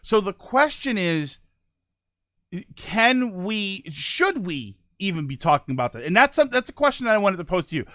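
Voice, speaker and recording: A man's voice: sits high, sing-song, moderate pace, fairly bright tone, dry recording, clean studio sound. A man hosting a live stream, chatting casually with his viewers and reading their comments aloud, with a rambling, self-correcting way of talking. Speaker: livestream host.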